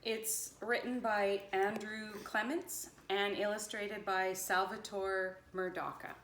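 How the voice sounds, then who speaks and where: A woman's voice: medium pitch, steady tone, slow pace, fairly bright tone, slight background noise. Woman librarian reading to children. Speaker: school librarian. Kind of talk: children's read-aloud. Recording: roomy echo.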